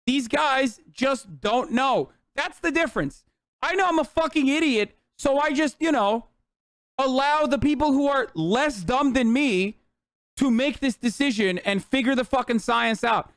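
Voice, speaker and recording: A man's voice: very high-pitched, a little slow, a bit bright, no room sound. A man streaming, reacting to a video in a blunt, sarcastic, profane rant. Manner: blunt, sarcastic, swears a lot.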